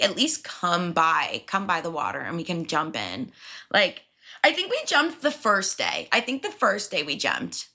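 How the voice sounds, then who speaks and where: Lively young woman podcast host. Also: on the low side. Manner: animated and expressive, swears freely. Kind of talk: casual storytelling.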